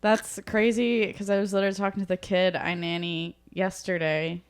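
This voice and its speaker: A young woman co-hosting a podcast, chatting casually with quick jokey asides and frequent laughter. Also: mid-range voice, level tone, smooth. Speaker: podcast co-host.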